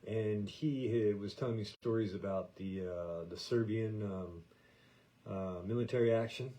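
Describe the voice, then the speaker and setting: A low-pitched American man with a dark, mellow voice. He rambles casually through a podcast monologue and stumbles over restarts and fillers as he goes. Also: a little slow, rough recording. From United States. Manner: meandering, hesitant, many fillers and restarts. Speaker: podcast host.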